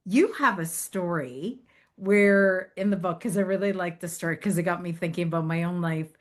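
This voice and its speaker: A woman's voice: fairly low pitch, normal speed. A woman hosting an interview, asking her guest to share a story and affirming him often. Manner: warm, encouraging prompts and frequent affirming interjections. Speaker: podcast host and interviewer. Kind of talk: interview chat.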